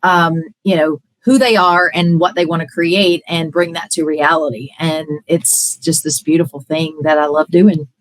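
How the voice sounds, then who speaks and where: A woman's voice: sits low, level tone, normal speed, hardly any pauses, slight background noise, rough recording. A woman coach in a podcast conversation, earnest and talking in long, flowing run-on sentences.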